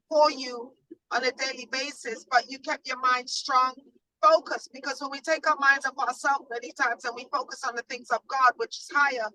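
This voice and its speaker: High, bright-voiced woman on a call. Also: dry recording, recorded from a distance, low-quality recording. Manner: earnest, faith-based encouragement. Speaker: panel member. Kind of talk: supportive remarks on a video call.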